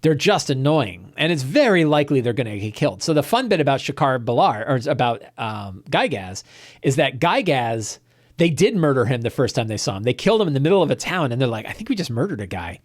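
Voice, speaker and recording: A man's voice: mid-range voice, big pitch swings, fairly quick. A man, the host and game master, casually retelling a tabletop session with laughter and frequent restarts. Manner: rambling, laughing, many fillers and restarts.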